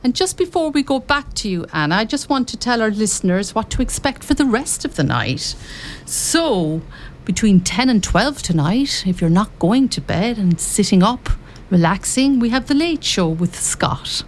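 A woman's voice: medium pitch, very animated, moderate pace. A woman hosting a local radio show, chatty and correcting herself as she goes.

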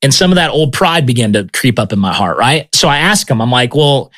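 A man's voice: medium pitch, sing-song, fairly quick, fairly bright tone, dry recording. A man in an interview sharing his testimony in a casual, storytelling way, often stumbling over and repeating words and dropping in "man" and "okay?".

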